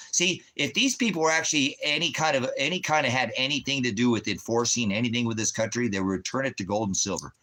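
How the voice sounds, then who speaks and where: A man's voice: medium pitch, a bit bright. A man ranting in a rambling, heavily profane monologue as the host of his own channel. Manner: swears heavily, rambling, laughs often.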